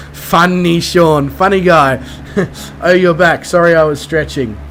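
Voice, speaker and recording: A man's voice: a little high, slow, fairly bright tone, soft background music. A man with an Australian accent, streaming a flight game and chatting casually with his viewers in a rambling, self-mocking way. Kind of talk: casual chat with live viewers.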